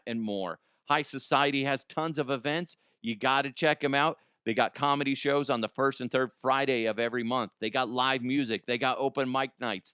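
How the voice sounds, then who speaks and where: A man's voice: medium pitch, fairly bright tone, clean tone, no echo, studio quality. A man hosting a comedy news show, reading ads and riffing in a playful, sarcastic way with jokey asides. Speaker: comedy news podcast host.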